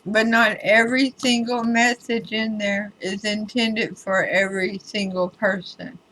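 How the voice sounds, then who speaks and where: Woman, tarot reader, slow pace, bright tone, chatty, emphatic, wry asides. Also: medium pitch, level tone, rough recording. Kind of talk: casual spoken tarot reading video.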